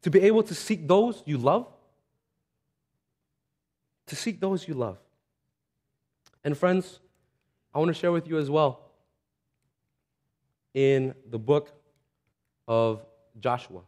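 A man preaching with a slightly high voice in a loose, conversational sermon. He is earnest and plainspoken, drifting into stories and acting out the voices of the people he quotes. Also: expressive, slow, long pauses, a little mellow. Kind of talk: sermon with storytelling.

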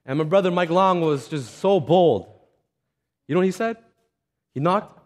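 A man preaching with a slightly high voice in a loose, conversational sermon. He is earnest and plainspoken, drifting into stories and acting out the voices of the people he quotes. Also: moderate pace, a little mellow. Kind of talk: sermon with storytelling.

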